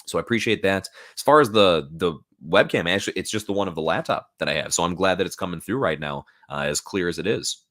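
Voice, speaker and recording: A man's voice: low-pitched, animated, quick pace, hardly any pauses, a bit bright. A man hosting a casual live stream, rambling loosely, swearing now and then and reading out chat comments, into a new microphone at home. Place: at home, in front of a laptop.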